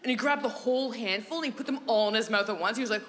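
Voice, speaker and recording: A woman in her thirties performing a goofy stand-up set on a theatre stage into a handheld microphone, slipping into squeaky and whispery character voices. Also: very fast. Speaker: stand-up comedian. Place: comedy theatre stage with audience. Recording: live theatre recording with audience noise.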